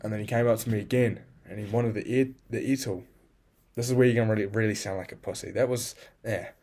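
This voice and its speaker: Lower-voiced man scolding himself. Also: steady tone, fast, a little mellow. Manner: scolds himself in the second person; blunt and profane. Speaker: video journal keeper. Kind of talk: casual self-talk journal.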